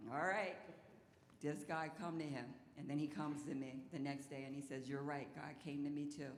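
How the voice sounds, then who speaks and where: A woman pastor preaching a sermon in an animated storytelling way, her voice rising into exclamations. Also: low voice, normal speed, noisy background. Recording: echoey hall with long reverb.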